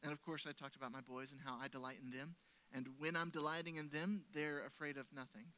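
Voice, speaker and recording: A man preaching a sermon at a church service, his fairly high voice bright and forceful. He tells stories in a conversational way, pushing some lines out loudly and letting others fall soft and low. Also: steady tone, brisk. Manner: conversational storytelling, swinging between loud emphasis and soft lowered tones. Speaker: pastor.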